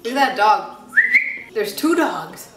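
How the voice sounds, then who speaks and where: A woman's voice: medium pitch, sing-song, slow. A young woman reacting to videos with casual commentary, gasping, squealing and gushing over what she watches. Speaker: reaction vlogger. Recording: echoey room with faint music.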